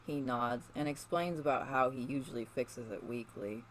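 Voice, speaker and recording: A man's voice: mid-range voice, moderate pace, a little hiss or hum, low-quality recording. Man casually reading a fan story. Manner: casual, unpolished reading with fillers. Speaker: narrator. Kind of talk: reading fan fiction aloud.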